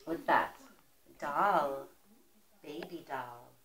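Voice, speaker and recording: A woman's voice: sits low, very slow, fairly bright tone, reverberant, a little hiss or hum. A woman reading a picture book aloud to a toddler in a coaxing, sing-song voice with exaggerated baby talk. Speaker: parent.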